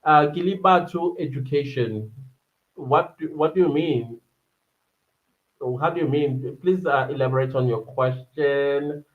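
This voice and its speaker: A man hosting a casual livestream, reading out viewer comments and often breaking into laughter. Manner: chatty and warm-hearted, often laughing, quick shifts up in pitch. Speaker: livestream host. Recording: muffled lo-fi livestream audio.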